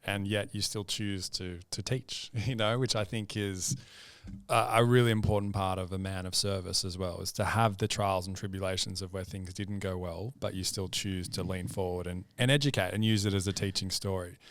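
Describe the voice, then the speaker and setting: A man with a deep, low voice hosts a podcast, speaking reflectively and laughing between thoughts. His tone is smooth and resonant, recorded close and dry with no room sound. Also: steady tone, normal speed, fairly bright tone, no echo. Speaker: podcast host. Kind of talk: casual podcast conversation.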